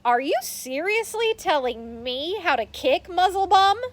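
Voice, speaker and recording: A woman's voice: extremely high pitch, wildly swooping pitch, measured pace, a bit bright, pitched above the performer's own voice, exaggerated voice. A woman voicing a boastful, bossy schoolboy who is the class kickball star, reading a storybook aloud. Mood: angry. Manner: brash, taunting.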